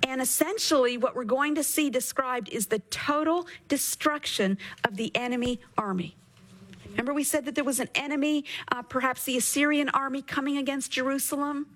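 A woman teaching from the Bible on a radio program, reading scripture slowly and earnestly, then explaining it. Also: high voice, fairly bright tone, poor audio. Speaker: Bible teacher and show host.

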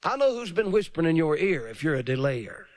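A man's voice: fairly high pitch, very animated, a little mellow, no echo. A man preaching a revival sermon, emphatic and calling for amens. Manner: emphatic, drawn-out pauses, calls for amens.

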